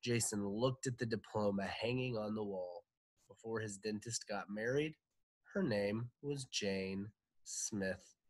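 Husky, slow man reading a storybook. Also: lowish voice, no echo. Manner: playful, animated reading. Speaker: teacher reading aloud. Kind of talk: storybook read-aloud.

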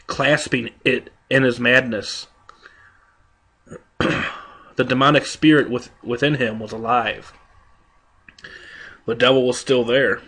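A man's voice: mid-range voice, bright, forceful tone. A man reading a sermon aloud in an emphatic, rhetorical manner, building long lists and voicing quoted speakers. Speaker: preacher.

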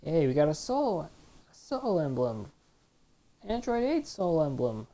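A woman's voice: sits low, very animated, unhurried, dark tone. A woman hosting a let's play, giving chatty, rambling commentary and retelling scenes from the show. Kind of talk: casual gameplay commentary.

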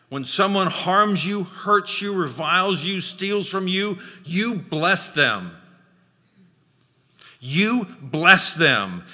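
A man preaching a sermon, emphatic, repeating key phrases and slowing down to stress his points. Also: mid-range voice, bright, forceful tone, big-room sound. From Alaska. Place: church sanctuary.

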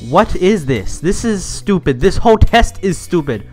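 A young man hosting his gaming channel, giving rambling, excitable commentary while he plays and often yells at the game. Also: sits high, normal speed, hardly any pauses, faint music behind.

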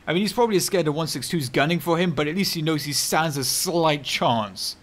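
A man giving chatty, sarcastic gameplay commentary, muttering one moment and bursting out loudly the next. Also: fairly high pitch, fairly quick, few pauses. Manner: chatty and sarcastic, swinging from mutters to loud outbursts, heavy slang. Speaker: video game commentator.

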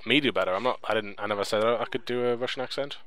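A man's voice: medium pitch, very fast, a bit bright, clean tone. Dry, teasing man commentating. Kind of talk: casual let's-play chat.

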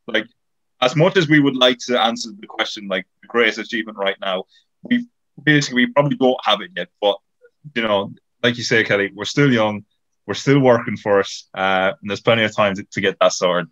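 A young man in his early twenties, chatting loosely on a podcast. His voice sits a little low, and his talk wanders, with plenty of filler words and restarts. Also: a little fast, a bit bright, lo-fi sound. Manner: rambling, full of "like" and restarts. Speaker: podcast co-host. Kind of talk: casual podcast chat.

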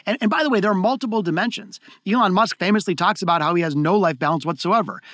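A man telling stories as an interview guest, talking in excited bursts with frequent restarts and repeated words. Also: high voice, fast talker, few pauses, no echo, studio quality. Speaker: guest, keynote speaker. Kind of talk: conversational interview storytelling.

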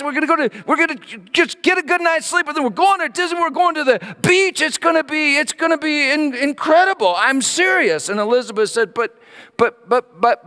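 A middle-aged man preaching with a lively, swooping delivery that climbs high when he acts out his excited kids. His voice sits higher than most men's. He tells the story as a sermon, moving between playful voices and quiet reflection. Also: fairly quick, big-room sound. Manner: animated, acting out his children's voices. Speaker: pastor.

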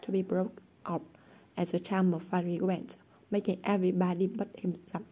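A woman narrating a children's novel aloud in a steady, even storytelling manner. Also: on the low side, moderate pace, breathy edge. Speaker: audiobook narrator. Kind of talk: scripted narration.

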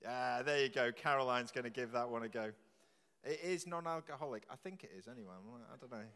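A man leading a church service, jokily quizzing the congregation with quick questions. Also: medium pitch, a bit bright, clean tone. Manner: jokey, chatty, quizzing the audience with quick questions. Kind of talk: playful all-age talk with the congregation. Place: large church with long reverb. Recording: echoey church from a distance.

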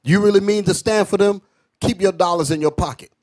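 A man's voice: high-pitched, brisk, a little mellow. A man in joining a sermon discussion and telling his own story. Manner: affirming, tells his own anecdote. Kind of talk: casual chat during sermon.

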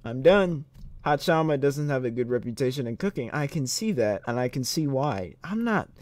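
A young man streaming a rhythm game, commenting excitedly, swearing often and laughing a lot, reading the game's dialogue aloud. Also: medium pitch, moderate pace, no room sound. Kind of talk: gameplay commentary.

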